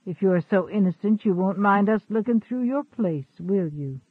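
A man's voice: sits high, expressive, normal speed, slightly rough, no room sound, narrow, tinny audio. A man voicing a burly, blustering slave catcher who makes threats.

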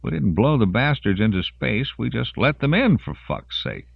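A man's voice: medium pitch, sing-song, normal speed, gravelly, slightly rough, no room sound, muffled recording, voice pushed up, heavily acted. A man voicing an angry young male soldier under fire.

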